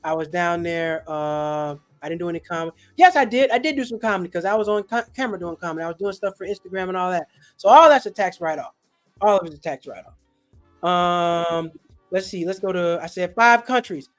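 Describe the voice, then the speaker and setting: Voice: mid-range voice, a little fast, faint music behind. A podcast host who grew up in Europe, chatting casually and rambling, with many fillers and self-corrections. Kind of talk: casual chat.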